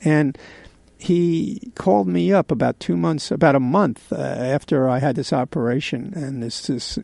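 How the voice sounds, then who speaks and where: A man in his sixties hosting a radio show, telling a candid personal story in a halting way with many pauses and fillers. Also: fairly high pitch, creaky, a little mellow, dry recording. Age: 60s. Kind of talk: confessional radio monologue.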